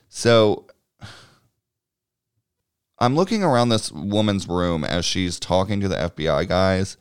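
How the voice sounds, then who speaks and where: A man's voice: deep voice, expressive, a little slow, long pauses, clean tone, dry recording, clean studio sound. A man chatting casually, recapping a movie at a meandering pace, swearing and chuckling as he goes. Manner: rambling and swears freely, chuckling while recapping.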